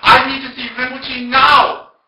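A man's voice: high-pitched, steady tone, moderate pace, background noise, pitched above the performer's own voice, lightly acted. A man voicing an indignant rich German woman with a slight German accent, demanding and passionate. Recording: distant, roomy, dull lo-fi.

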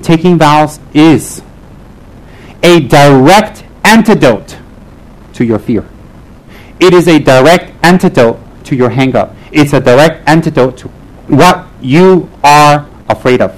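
A man teaching as a Buddhist lama, his voice sitting a touch high for a man. He jokes with his audience in an animated way and hammers his points with repeated rallying phrases. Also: slow pace, low-quality recording. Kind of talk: live humorous dharma talk to an audience.

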